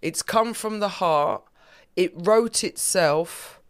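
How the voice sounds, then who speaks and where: A woman's voice: on the low side, slow. A woman comedian talking candidly as a guest in a podcast interview, with a frank, earthy sense of humour.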